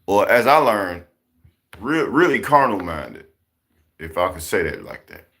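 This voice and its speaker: With a lowish voice and an unhurried pace, a male commentary vlogger gives casual, preachy commentary. He is animated, repeats himself, and keeps firing rhetorical questions.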